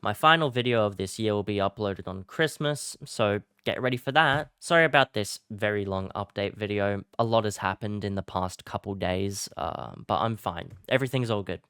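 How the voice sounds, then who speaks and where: A young man talking through a casual commentary recap in a low, smooth voice. He sounds relaxed and self-deprecating, with filler "uh"s along the way. The recording is close and dry. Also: moderate pace, hardly any pauses, dry recording. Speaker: YouTube commentary creator.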